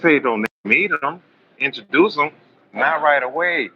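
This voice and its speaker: A man's voice: on the high side, lively intonation, unhurried, slightly rough, highs cut off. A man, preaching bluntly and swearing on a live stream, acting out both sides of arguments. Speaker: live-stream host and self-styled prophet.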